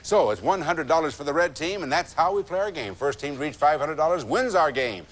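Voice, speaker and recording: A man's voice: a little high, lively intonation, a little fast. A man hosting a TV game show, chatty and teasing with contestants. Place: TV studio. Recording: noisy 1980s TV tape with studio audience.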